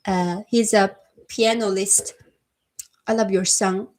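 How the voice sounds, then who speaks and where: Chinese-accented woman hosting a chill livestream, gentle, lots of little restarts, calls everyone my friend. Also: medium pitch, steady tone, slow pace. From China. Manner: soft-spoken, frequent restarts and laughs, addresses viewers as my friend. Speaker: livestream host. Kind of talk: casual livestream chat reading comments.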